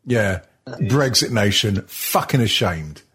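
A man's voice: on the low side, animated, takes it slowly, pushed and bright. A man co-hosting a podcast in casual chat, ranting with heavy swearing and sarcasm. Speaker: podcast co-host.

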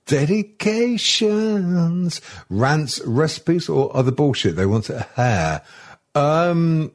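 A man hosting a crude comedy podcast, rambling and hesitant and swearing freely. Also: mid-range voice. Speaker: podcast host.

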